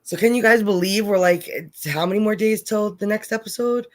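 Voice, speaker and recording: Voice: mid-range voice, fairly quick. A livestream host chatting casually and reading out viewer comments.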